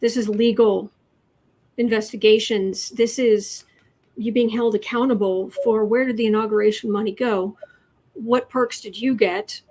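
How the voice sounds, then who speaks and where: Woman reading tarot on her channel, kinda high voice, lots of ums and restarts. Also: fairly even intonation, a little mellow. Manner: halting, many fillers and restarts; mimics the person she reads about. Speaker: host, tarot reader. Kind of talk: casual tarot reading chat.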